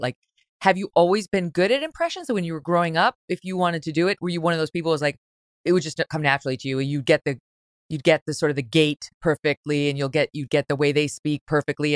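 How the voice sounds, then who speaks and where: A woman's voice: sits low, clean tone, dry recording, clean studio sound. A woman hosting a talk show, asking long chatty questions and laughing easily with her guest. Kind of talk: conversational interview.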